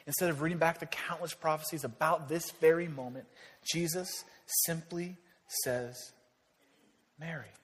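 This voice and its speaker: A pastor preaching a sermon, talking to his congregation casually with jokes, then dropping to a hushed voice for key moments. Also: a little high. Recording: long reverb of a large hall.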